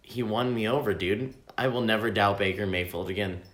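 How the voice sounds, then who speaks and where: A man's voice: fairly low pitch, brisk, fairly bright tone, reverberant. A man co-hosting a casual sports podcast, teasing his buddy with dry wisecracks. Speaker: podcast co-host.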